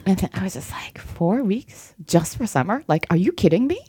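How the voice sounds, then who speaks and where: A woman's voice: medium pitch, normal speed, slightly rough, dry recording, clean studio sound. A woman from Japan, a native Japanese speaker, chatting casually as a guest, laughing often and acting out what people said. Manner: animated, laughs often, acts out quotes. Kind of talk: casual chat.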